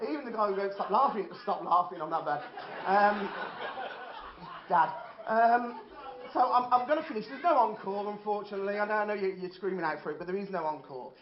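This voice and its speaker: A man's voice: high voice, brisk, crowd noise. A man, telling a dry, self-deprecating stand-up comedy set in an indoor hall. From Birmingham, England. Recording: roomy, dull lo-fi hall recording.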